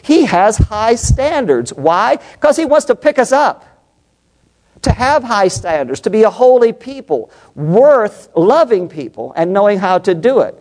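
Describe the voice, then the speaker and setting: Middle-aged guy preaching hard, big swings in pitch, keeps asking the crowd questions. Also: very animated, unhurried, darkish tone. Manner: passionate, emphatic, asks the congregation questions. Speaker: pastor and psychologist. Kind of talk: sermon.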